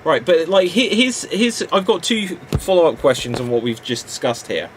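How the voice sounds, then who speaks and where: A British man talks animatedly in a casual panel chat, stumbling through restarts as he builds his points. His voice sits a touch high. A faint hiss runs under the recording. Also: sing-song, moderate pace. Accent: British English. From Britain.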